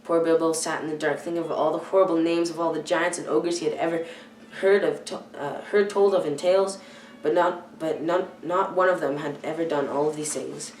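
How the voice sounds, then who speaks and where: A teenage girl reading a children's novel aloud, careful and halting, often stumbling and correcting herself. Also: low voice, steady tone, darkish tone, slight background noise. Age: teens. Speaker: youth reader. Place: church hall. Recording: echoey room, far from the mic.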